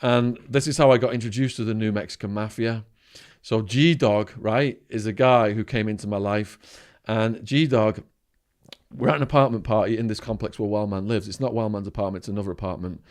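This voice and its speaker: English male guest, mid-pitched voice, animated anecdote teller who drops to hushed asides. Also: fairly quick. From England, Widnes. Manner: animated anecdotes with swearing and sudden quiet asides. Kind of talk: storytelling in conversation.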